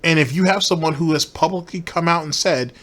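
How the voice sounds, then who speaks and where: Brief: male commentary host, rambling sarcastic rant, swears freely, voice a touch high. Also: fairly quick, a bit bright. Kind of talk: ranting commentary.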